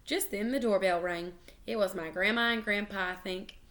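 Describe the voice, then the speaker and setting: A woman reads a children's chapter book aloud with a bright, clear voice. She tells it expressively and keeps going through small slips and restarts. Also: mid-range voice, normal speed. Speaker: reader.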